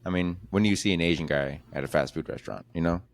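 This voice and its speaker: A young man hosting a podcast, chatting casually, swearing and rambling through a story while putting on quick voices for other people. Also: low voice, gravelly. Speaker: podcast host and comedian. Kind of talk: casual chat.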